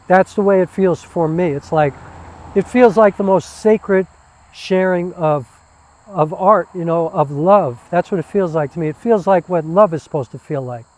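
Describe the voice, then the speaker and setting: A man's voice: fairly high pitch, darkish tone, low-quality recording. A man, a theater performer and former musician, talking casually and enthusiastically with many fillers. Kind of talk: casual interview talk.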